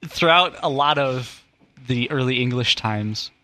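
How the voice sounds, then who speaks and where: A man's voice: mid-range voice, measured pace, pushed and bright. A man hosting a casual comedy podcast, rambling and joking as he explains word origins. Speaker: podcast host.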